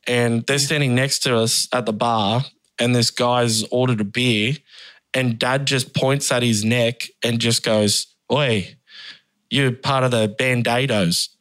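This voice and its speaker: A man's voice: medium pitch, measured pace, smooth, no echo. Laughing man telling stories. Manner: animated, laughs often while telling stories. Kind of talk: casual storytelling chat.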